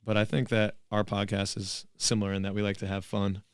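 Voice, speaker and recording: Chatty man, smooth clear voice. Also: on the low side, monotone, a little fast, dry recording. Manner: jokey, chatty, reacts to plays. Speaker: podcast co-host. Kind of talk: casual live watch-along chat.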